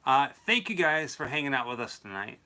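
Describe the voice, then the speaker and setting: Bright-voiced young man chatting easily. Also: medium pitch, sing-song. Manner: easygoing, chatty, quick to laugh. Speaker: co-host. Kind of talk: casual late-night chat.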